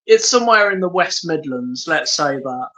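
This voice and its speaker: Male co-host, casual chat, dry and brief; bright, fairly high voice. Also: lively intonation, normal speed, rough recording. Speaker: podcast co-host.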